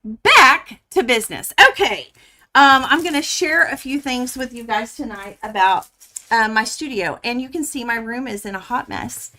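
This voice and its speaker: A woman hosting a quilting livestream from her home studio, gushing and chatting excitedly with viewers as she unboxes fabric. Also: a little high, normal speed. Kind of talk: casual live stream chat.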